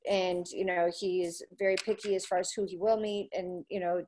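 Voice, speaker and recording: A woman's voice: fairly low pitch, normal speed, slight background noise. A woman, a country music radio personality, telling anecdotes in a casual chat and acting out what others said. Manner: animated storyteller who acts out quoted voices.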